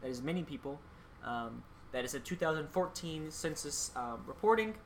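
A woman's voice: low voice, lively intonation, moderate pace, a little hiss or hum. A woman co-hosting a casual podcast, reading out facts with dry jokes and frequent ums. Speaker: podcast co-host presenting country facts.

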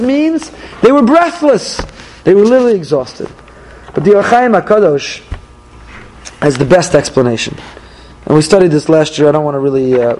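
High-voiced man teaching Torah. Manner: animated, acts out dialogues in quoted voices. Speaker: rabbi. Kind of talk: weekly Torah class.

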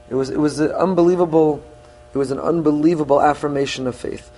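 Rabbi delivering a sermon, middle-aged man, slightly high voice, earnest, Hebrew phrases in English. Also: brisk, dark tone, slightly rough. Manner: earnest teaching, with rising emphasis on key points.

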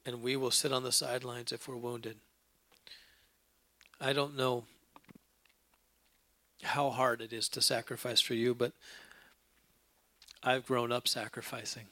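A man preaching a sermon, telling a long joke story and addressing his congregation, sometimes rising to loud emphatic passages. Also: mid-range voice, flat delivery, unhurried, pauses often, dry recording. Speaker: pastor. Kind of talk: sermon with an anecdote.

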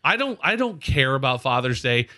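A man in his forties holds forth on a casual podcast, his voice bright and pushing forward. He rambles through stories and circles back to the same lines again and again. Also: medium pitch, sing-song, normal speed. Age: 40s. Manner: loud, rambling storyteller, repeats himself. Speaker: podcast co-host. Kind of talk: casual chat.

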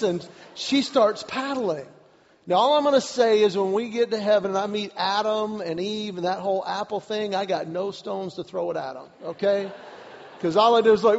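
A man preaching a sermon, telling a personal story in an animated way, repeating words and shouting at the climaxes. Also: high-pitched, fairly quick, gravelly. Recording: dull recording with long hall reverb.

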